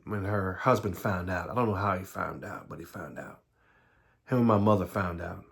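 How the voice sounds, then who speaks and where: A middle-aged man with a Southern American accent, telling his life story in a halting way, with many repeats and restarts, sometimes dropping to a low murmur. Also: a bit bright. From Southern United States. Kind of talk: personal life story monologue.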